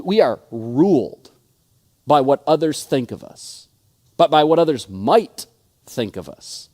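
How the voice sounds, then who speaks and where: A male pastor in his thirties preaches a sermon in a mid-range, slightly mellow voice. He tells stories and acts out the words of friends he quotes, frequently stuttering and repeating words.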